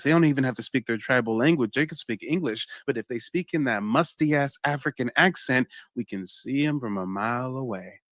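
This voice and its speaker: A young man hosting a live-stream reaction, talking straight to his chat in an animated way and exclaiming often. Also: medium pitch, no room sound.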